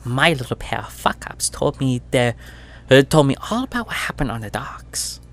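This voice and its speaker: In a tabletop game, a man voices a mean middle-aged crime boss woman who is sweetly menacing, with a nasal, rusty, syrupy voice. He speaks in a mid-range voice at a moderate pace with big pitch swings, sounding soft, purring and threatening, with small stumbles.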